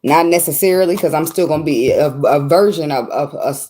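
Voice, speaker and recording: A woman with a lowish voice talks straight to her viewers in a casual advice vlog. She is blunt and slangy, swears freely, and laughs often as she goes. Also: brisk, dark tone, slight background noise. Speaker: tarot reader.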